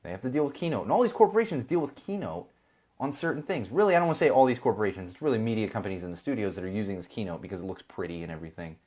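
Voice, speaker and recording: Fast-talking, ranting male podcast host. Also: lowish voice, animated, darkish tone. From Chicago, USA. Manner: ranting, sarcastic asides, mimics other people. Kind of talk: casual live-stream chat.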